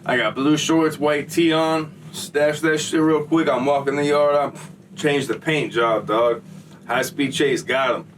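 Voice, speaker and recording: A man's voice: a little high, steady tone, a little slow, fairly bright tone, recorded from a distance, slight background noise. A man telling a story in a casual, slangy, streetwise way. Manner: slangy, streetwise, acts out quoted voices.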